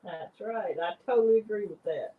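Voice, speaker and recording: A woman's voice: medium pitch, a little fast, husky, narrow, tinny audio. A woman chatting casually with friends, telling teasing stories and laughing often. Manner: giggly, teasing storyteller. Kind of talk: casual chat among friends.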